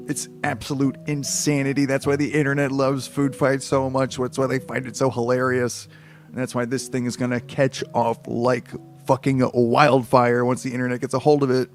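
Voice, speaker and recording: A man's voice: mid-range voice, little pitch movement, normal speed, faint music behind. Profane, rambling male streamer. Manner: rambling, profane, incredulous asides. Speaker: streamer reading a book aloud. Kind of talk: casual live-stream reading with commentary.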